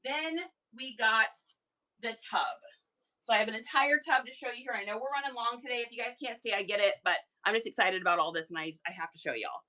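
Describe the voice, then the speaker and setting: Bright-voiced chatty woman. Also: fairly high pitch, rapid-fire, hardly any pauses. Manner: chatty, animated, rambling asides. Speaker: reseller livestream host. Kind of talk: casual livestream chat.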